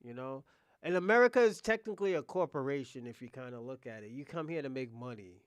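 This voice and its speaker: A man's voice: medium pitch, lively intonation, fast, clear, resonant tone, no room sound, clean studio sound. A man hosting a reaction video, talking in a blunt, heated casual rant full of swearing.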